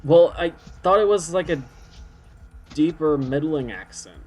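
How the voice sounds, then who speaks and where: A man's voice: fairly high pitch, measured pace, a little mellow, breathy edge, soft background music. A man in casual let's-play chat, making teasing, wry remarks. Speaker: game co-streamer.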